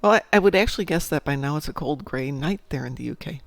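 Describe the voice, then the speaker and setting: Gravelly lady host, chatty n jokey, dry close mic sound. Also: deep voice, fast, dry recording. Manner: chatty storyteller, animated and jokey. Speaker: stream host. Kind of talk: casual gaming chat.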